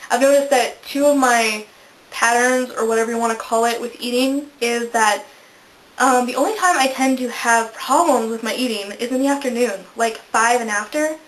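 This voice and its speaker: A woman's voice: on the high side, moderate pace. A young woman in her twenties talking casually to camera in a vlog, chatty and giggly, poking fun at herself. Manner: chatty, giggly, self-deprecating. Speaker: vlogger. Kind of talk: casual chat. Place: indoors, a room in a house. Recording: echoey room.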